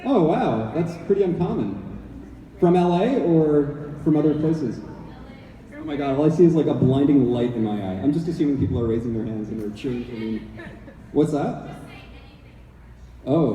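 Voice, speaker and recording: A man's voice: medium pitch, lively intonation, normal speed, long pauses, lo-fi sound. A man from Canada, an actor answering fan questions in a casual, playful and rambling way on a convention stage. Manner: playful, rambling, joking with the crowd. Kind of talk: casual audience Q&A. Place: large convention hall stage. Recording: echoey hall, voice from far off.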